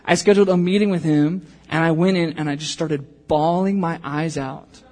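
A man in his thirties preaches a sermon to his church. He speaks in a fairly high voice and slips into the voices of the people in his story as he tells it. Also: moderate pace. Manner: animated storytelling, acting out quotes. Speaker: pastor.

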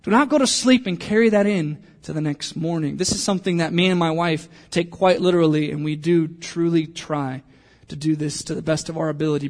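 A young adult man preaching a conversational sermon, joking with the congregation and poking fun at himself. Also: on the high side. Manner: conversational and self-deprecating, jokes with the congregation. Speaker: pastor.

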